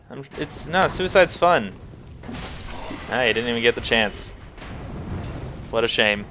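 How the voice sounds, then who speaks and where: A man's voice: medium pitch, lively intonation, measured pace, long pauses, pushed and bright, a little hiss or hum. A young man giving casual, joking commentary over video game footage, teasing the enemies and making playful little sound effects. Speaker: game guide host.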